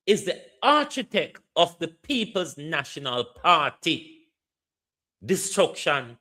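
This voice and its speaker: A man's voice: a little high, big pitch swings, takes it slowly, sharp tone. A man with a Jamaican accent hosting political commentary, lecturing and firing pointed questions at his listeners.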